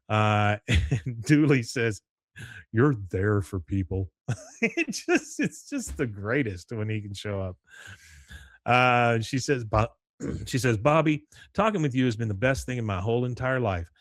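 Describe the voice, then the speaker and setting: A man hosting a podcast, retelling scenes in a lively chat and jumping into higher voices for the characters' lines. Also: normal speed, no echo, clean studio sound. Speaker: podcast host recapping an episode. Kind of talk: casual chat.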